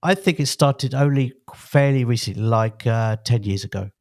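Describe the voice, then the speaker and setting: A man in his fifties co-hosts a podcast, his voice medium-pitched and darkish, moving at a normal speed. He chats casually in a rambling, jokey way, constantly interrupting himself.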